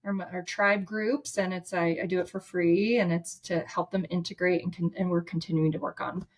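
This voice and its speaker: Woman therapist, guest; low-ish voice, heartfelt chatty storytelling full of restarts. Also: fairly even intonation, moderate pace, breathy edge. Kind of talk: casual storytelling.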